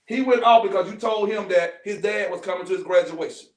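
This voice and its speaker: A man hosting a podcast, talking with teens in an animated, storytelling way. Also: sits high, fairly quick. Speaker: podcast host. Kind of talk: casual group discussion. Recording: echoey room from far off.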